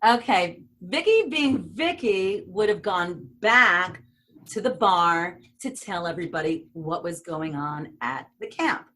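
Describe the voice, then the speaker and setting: Her voice sits lowish and her pace is slow. She's a middle-aged actress from New York, appearing as an interview guest to tell set stories, lively as she acts out characters and screams.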